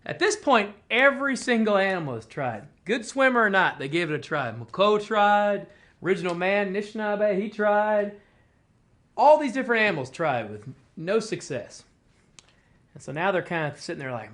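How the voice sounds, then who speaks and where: This is a traditional tale told casually by a storyteller from a tribal language department, who performs the animals' quoted speech. An expressive mid-range voice, moderately paced and a bit bright, carries a conversational style full of "kinda" and "you know."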